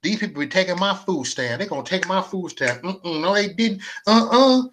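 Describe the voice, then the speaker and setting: A man voicing a woman who frets loudly about losing her food stamps, in a whiny sing-song complaint. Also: high-pitched, animated, normal speed, noisy background, pitched above the performer's own voice. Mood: whining.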